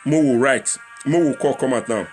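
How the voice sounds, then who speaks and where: A man's voice: medium pitch, normal speed, darkish tone, soft background music. A young man with a Nigerian accent hosting a casual livestream talk show, chatting and repeating himself as he appeals to viewers and slips into Pidgin. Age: young adult.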